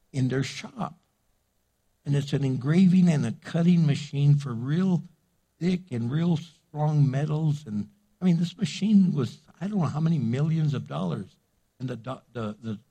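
An older man preaching a sermon, lively and conversational, acting out little exchanges between people. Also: mid-range voice, breathy edge. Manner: animated preaching with acted-out dialogue. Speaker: pastor.

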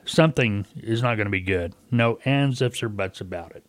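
A man's voice: on the low side, moderate pace, no room sound. A middle-aged man hosting a casual talk radio show, telling a folksy story and acting out a caller's lines.

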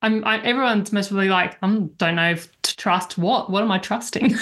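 A woman's voice: mid-range voice, fairly quick, a bit bright. A woman hosting a podcast, summing up and affirming her guest's points in a casual interview. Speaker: podcast host.

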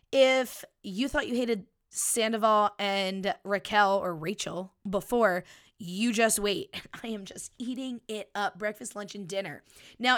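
A woman's voice: medium pitch, bright, forceful tone, smooth. A woman in her thirties hosting a solo podcast, chatting in a playful, casual way and swearing freely into a microphone. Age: 30s. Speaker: podcast host. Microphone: studio microphone.

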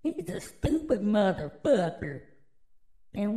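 A woman's voice: medium pitch, slow pace, mellow, poor audio. A woman hosting a podcast alone, delivering a crude, rambling, mock-conspiratorial monologue full of swearing. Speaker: podcast host.

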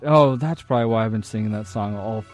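A man's voice: fairly low pitch, quick pace, faint music behind. A man co-hosting a podcast in casual chat, laughing a lot while reading things aloud. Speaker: podcast co-host.

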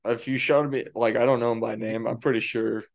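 Easygoing male podcast guest chatting casually and agreeing freely. His voice is mid-pitched with a strong gravelly fry. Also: fairly even intonation, fairly quick. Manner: easygoing, agreeable, says dude a lot. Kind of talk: casual chat.

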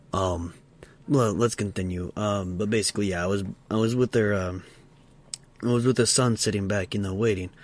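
A tired man co-hosting a podcast, telling a story in a halting, casual way with lots of fillers and restarts. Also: sits low. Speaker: podcast co-host. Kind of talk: casual role-play storytelling.

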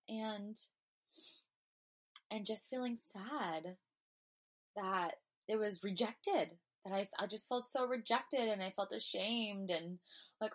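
A woman's voice: medium pitch, slow pace, pauses often. A woman podcast host talking through a personal experience in an earnest, emotional, meandering way, with many fillers. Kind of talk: personal spiritual monologue.

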